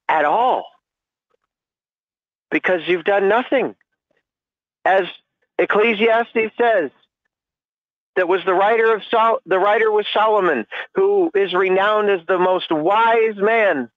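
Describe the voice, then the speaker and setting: Guy preaching on a church panel stream, slow and deliberate, muffled lo-fi sound. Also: sits high, no echo. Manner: earnest, preacherly, with frequent fillers. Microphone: online call or stream mic.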